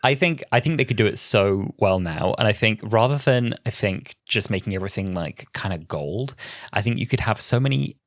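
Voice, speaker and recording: In a clean studio with no room sound, a man in his twenties co-hosts a casual podcast, thinking aloud and offering earnest, opinionated views. His voice is fairly low, animated and a little fast.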